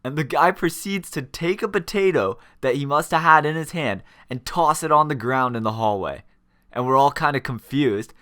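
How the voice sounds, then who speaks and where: Animated young man telling a story. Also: a little high, normal speed. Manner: animated, swears freely, laughs while telling. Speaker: gaming channel host. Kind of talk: casual storytelling vlog.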